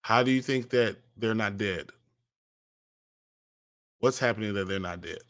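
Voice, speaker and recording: A man co-hosting a podcast, chatting casually about a TV episode, often pausing to search for words. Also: lowish voice, a bit bright, no echo, clean studio sound. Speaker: podcast co-host. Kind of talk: casual recap chat.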